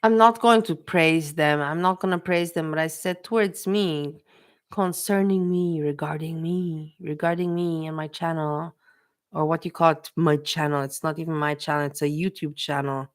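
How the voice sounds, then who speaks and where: A woman's voice: low voice, steady tone, normal speed. Emotional woman chatting on a livestream. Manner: emotional, repetitive, talks to her chat. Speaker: livestream host. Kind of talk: casual livestream chat.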